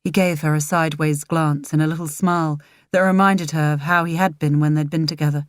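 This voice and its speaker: A woman reading a novel aloud in a measured, even way. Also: low-pitched, no echo, studio quality. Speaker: narrator. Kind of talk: audiobook narration.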